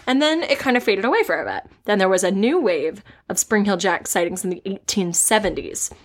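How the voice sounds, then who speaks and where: A woman's voice: medium pitch, lively intonation, a little fast. A woman co-hosting a podcast, telling stories in a rambling, giggly, casual chat. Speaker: podcast co-host.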